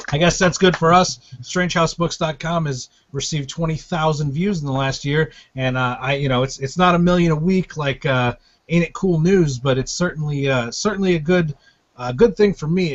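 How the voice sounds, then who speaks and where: An American man hosts a live webcam stream, rambling with many fillers and casual swearing. His voice sits fairly high, and the audio is dull and lo-fi. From United States. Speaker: host and publisher.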